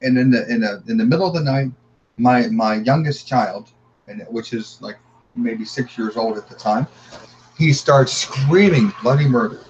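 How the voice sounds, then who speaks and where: A middle-aged man recounting his family's paranormal experiences as a guest, halting and repeating words as he tells it. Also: mid-range voice, darkish tone, lo-fi sound, slight background noise.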